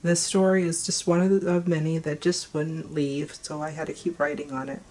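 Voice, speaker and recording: A woman author, hoarse from a cold, casually explaining how she revises her writing, with a rambling delivery full of ums and uhs. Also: low voice, flat delivery, normal speed, darkish tone. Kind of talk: casual explanatory video talk.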